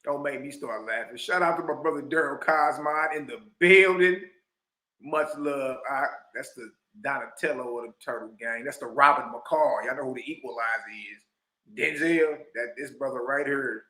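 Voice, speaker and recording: A man hosting a reaction video, talking loudly and excitedly, laughing often and dropping preacher-style asides. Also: medium pitch, moderate pace, echoey room. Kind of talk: animated commentary reacting to a clip.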